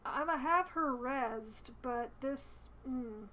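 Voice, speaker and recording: Wry high-voiced woman playing a game. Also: takes it slowly, sharp tone, a little hiss or hum, rough recording. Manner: wry and chatty, reading game lines aloud between asides. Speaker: gamer streaming a playthrough. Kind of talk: casual game commentary, reading dialogue aloud.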